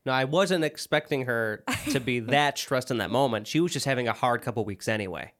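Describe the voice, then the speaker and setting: A man co-hosting a casual podcast with his partner, relaxed and easygoing in his replies. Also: mid-range voice, brisk. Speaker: podcast co-host. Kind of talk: casual couple's podcast chat.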